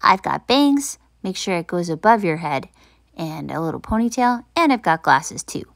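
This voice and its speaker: A woman's voice: fairly low pitch, very animated, normal speed, vocal fry, no room sound. A woman art teacher giving plain, friendly step-by-step drawing instructions.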